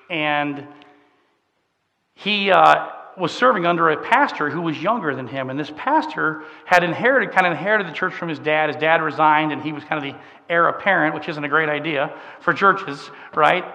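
A middle-aged man, preaching a sermon through a conversational personal story that swings from soft and emotional to emphatic. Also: fairly high pitch, moderate pace, creaky. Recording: long hall reverb.

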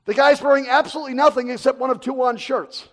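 A man preaching a sermon as an animated storyteller, swinging between loud and hushed. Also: extremely high pitch, fast talker.

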